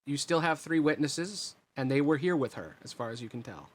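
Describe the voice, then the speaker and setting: A man narrating as game master of a tabletop role-playing game, describing scenes in a relaxed, meandering way with fillers. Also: fairly high pitch, a little fast.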